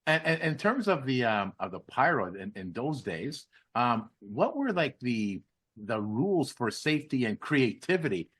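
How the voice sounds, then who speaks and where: A man's voice: mid-range voice, sing-song, measured pace, fairly bright tone, slightly rough. A man hosting a podcast interview, asking long rambling questions full of restarts and fillers. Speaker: podcast host. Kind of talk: interview questions, casual chat.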